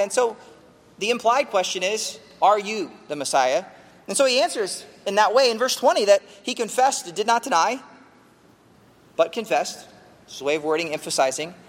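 A man's voice: high voice, big-room sound. A man preaching an expository sermon as pastor, earnestly teaching through a passage and leaning hard on key words.

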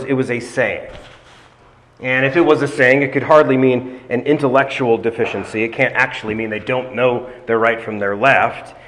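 A man delivers an expository sermon in a deliberate, emphatic way, drawing out key phrases slowly. His voice sits at a middling pitch. The sound carries a long reverb from a large hall. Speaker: preacher.

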